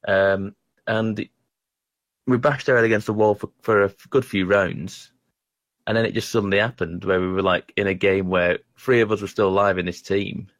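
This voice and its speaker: A man in a casual gaming chat, talking in a rambling, halting way and poking fun at his own skills. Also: lowish voice, fairly even intonation, dry recording. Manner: rambling, halting, self-deprecating.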